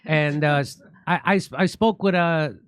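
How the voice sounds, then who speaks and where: A man's voice: fairly high pitch, moderate pace, fairly bright tone, clean tone, no echo. A man with a Chicago accent, a comedian hosting a show, telling rambling self-mocking stories in casual banter. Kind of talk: casual live-stream banter.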